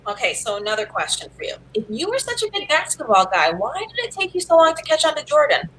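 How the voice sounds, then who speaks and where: A woman hosting a casual chat who teases her guests. Her voice is bright and tense and swings widely in pitch, with faint noise behind it. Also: sing-song, fast talker, rough recording. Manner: playful, teasing questioner. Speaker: host.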